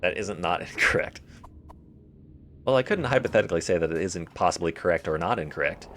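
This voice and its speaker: A man's voice: low voice, lively intonation, brisk, a bit bright, slight background noise. A young man streaming a game live, rambling and joking to himself and to his chat. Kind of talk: casual live-stream commentary.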